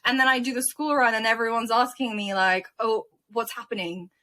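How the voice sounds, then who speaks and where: A young woman from Ukraine, interviewed as a guest, retelling events in an animated, emotional way. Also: a little high, brisk. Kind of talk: casual interview storytelling.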